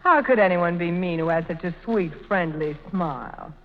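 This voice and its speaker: A woman's voice: fairly low pitch, normal speed. A woman guesting as a film actress in a 1940s radio comedy, flirty and teasing. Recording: lo-fi old radio broadcast with reverb.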